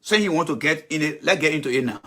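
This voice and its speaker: A man's voice: fairly high pitch, animated, fast, sharp tone. A man delivering a heated political rant as host, blunt, profane and confrontational.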